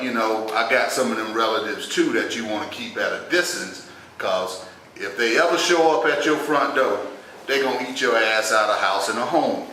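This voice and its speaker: A man's voice: on the low side, pushed and bright. A man telling a comic personal story in a loose, conversational way, peppered with "you know.". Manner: loose, conversational, heavy on 'you know'. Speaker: stand-up comedian. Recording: echoey room, distant mic, faint noise.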